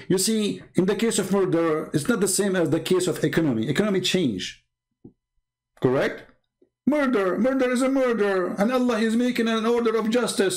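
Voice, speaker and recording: Mocking, combative man with a highish voice. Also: darkish tone. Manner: mocking, combative, repetitive, laughs at own jokes. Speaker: online religious debater. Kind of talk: monologue on a live stream.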